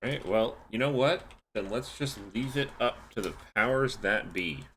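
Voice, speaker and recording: A man's voice: mid-range voice, expressive, unhurried, sharp tone, slight background noise. A man casting a live esports match, calling the plays and then chatting casually and wearily with his co-caster. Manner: tired, casual, yawning. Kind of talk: live esports play-by-play and chat.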